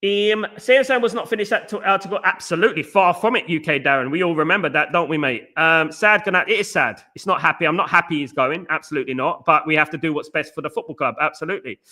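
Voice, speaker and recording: A man's voice: fairly high pitch, fast, few pauses, sharp tone. A man with a London accent hosts a live fan stream, reading viewers' comments and answering them in a casual, friendly way. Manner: casual, says big up and mate a lot. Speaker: fan channel host.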